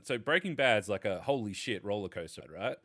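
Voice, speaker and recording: A man's voice: on the low side, animated, fairly quick, pushed and bright. A man, chatting casually on a podcast and rambling enthusiastically, with lots of swearing. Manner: profane, rambling enthusiastic storyteller. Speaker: podcast panelist. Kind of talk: casual chat.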